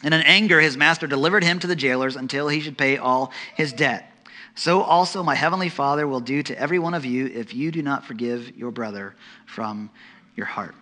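A man preaching a sermon, dramatic, dropping to soft low tones for emphasis and acting out the voices of the story. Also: brisk. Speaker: pastor.

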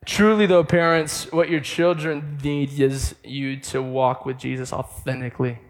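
A young man preaching, telling a lively story to the audience and acting out the other people's voices. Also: on the high side, unhurried. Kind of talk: sermon.

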